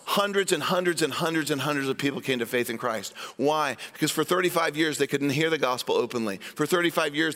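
High, bright-voiced man preaching a sermon. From Iowa, US. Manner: storytelling preacher, animated asides to the congregation. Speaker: pastor. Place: church sanctuary. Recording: long hall reverb from a church sanctuary.

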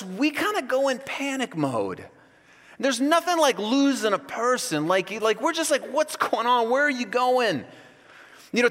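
A man in his thirties preaching a sermon to his church, telling a story with lively, acted-out shouts. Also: high-pitched. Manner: storytelling, animated, acts out yelling. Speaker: pastor. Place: church hall. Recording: long hall reverb.

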